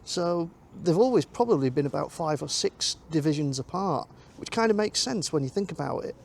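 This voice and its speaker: A man's voice: a little high, animated, normal speed, vocal fry. Chatty man vlogging on the move. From North West England. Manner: chatty, thinking aloud with ums. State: a bit out of breath while walking. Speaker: football vlogger. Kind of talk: casual vlog chat. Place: outdoors, walking to a station.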